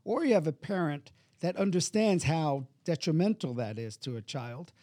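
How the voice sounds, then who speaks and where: A man's voice: on the high side, lively intonation, normal speed, dark tone, no room sound, studio quality. A man, a hypnotherapist guest in an interview, explaining his ideas and acting out voices in his anecdotes. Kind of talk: interview conversation.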